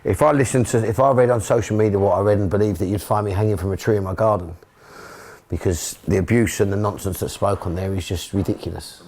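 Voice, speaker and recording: A man's voice: lowish voice, fast talker, a little mellow. A middle-aged man from England, a football club owner and manager, speaking emotionally and repeating himself in a candid documentary interview.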